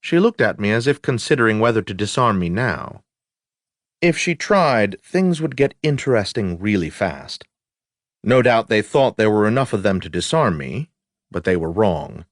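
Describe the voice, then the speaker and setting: A man reads a first-person audiobook in a low voice, his delivery dry and wry, full of understatement. His intonation swings widely through each line. The recording is close and dry, with no room sound. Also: big pitch swings, moderate pace, no room sound. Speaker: audiobook narrator.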